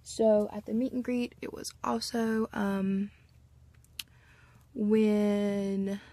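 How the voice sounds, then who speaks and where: A woman's voice: medium pitch, little pitch movement, very slow, warm tone, low-quality recording. A woman, telling a rambling story to camera at home with lots of fillers. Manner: rambling and chatty, with many fillers and restarts. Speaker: vlogger.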